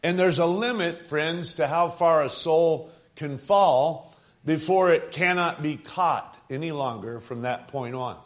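A man with a slightly high voice preaches a sermon, earnest and emphatic. He stretches key phrases and pauses with fillers between thoughts.

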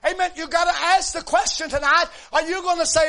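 High-voiced man preaching a fervent sermon. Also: steady tone, brisk, pushed and bright.

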